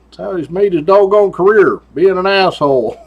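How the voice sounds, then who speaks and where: A man's voice: sits high, lively intonation, moderate pace, slightly rough, muffled recording. A man hosting a show, telling a story in a casual, profane, folksy way and laughing often. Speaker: host.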